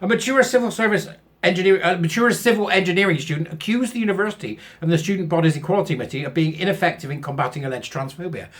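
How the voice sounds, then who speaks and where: A commentary channel host with a high, rapid-fire voice reads out a news article while sarcastically mocking it. He laughs often at his own jokes.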